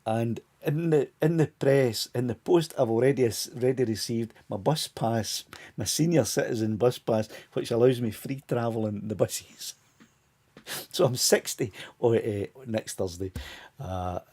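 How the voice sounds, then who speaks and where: Chatty Scottish man about sixty, mellow. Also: mid-range voice, unhurried. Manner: rambling, chatty, many restarts and chuckles. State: voice tiring, fading. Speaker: live stream host. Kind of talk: casual live stream chat.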